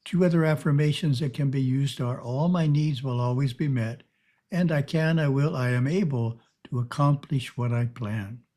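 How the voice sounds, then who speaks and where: Man, spiritual teacher, calm measured delivery, warm mellow tone, video call. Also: medium pitch.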